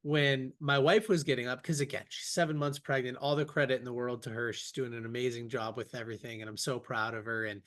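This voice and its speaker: A man's voice: medium pitch, fairly even intonation, fast, few pauses, fairly bright tone. A young man hosting a podcast over a video call, speaking in an enthusiastic, upbeat way as he tells stories. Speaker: podcast host. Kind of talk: casual podcast interview.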